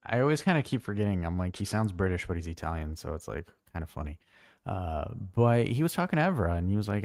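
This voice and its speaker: A man co-hosting a casual football live stream, blunt and animated, swearing freely as he tells stories. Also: deep voice, fast talker, no echo, studio quality. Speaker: co-host.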